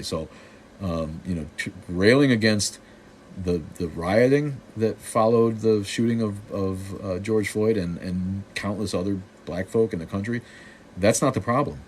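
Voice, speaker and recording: A man with a very low, deep voice hosting a casual livestream and answering chat as it comes in. He rambles in a sardonic way and keeps restarting his sentences, with faint noise behind him. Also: a little mellow. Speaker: show host.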